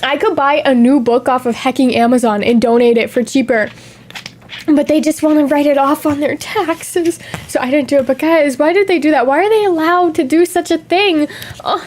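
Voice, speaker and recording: A young woman streamer in casual chat, telling stories in a chatty, animated way with gasps and laughs. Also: sits high, moderate pace, a little hiss or hum. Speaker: VTuber streamer.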